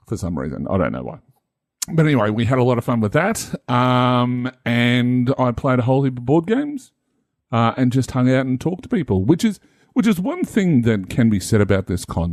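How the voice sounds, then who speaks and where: A man's voice: mid-range voice, animated, moderate pace, darkish tone, dry recording, studio quality. A man, a game master co-hosting a casual podcast, rambling and self-deprecating with many fillers.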